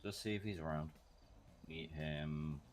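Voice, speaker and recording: A man's voice: a bass voice, unhurried, very noisy. A man talking in character during an online roleplay, terse and clipped, with the odd curse.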